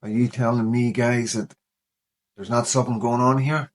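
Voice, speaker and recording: A man's voice: medium pitch, steady tone, normal speed. A man in his fifties talking straight to camera in a personal commentary vlog, earnest and worried, often saying "you know". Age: 50s. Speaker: vlogger.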